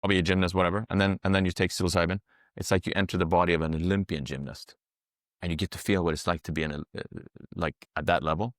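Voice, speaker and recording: Speaking fast in a low, steady tone, a psychedelic guide chats on a podcast, swearing freely and leaning on long rambling metaphors to explain himself. The recording is clean studio sound with no room sound.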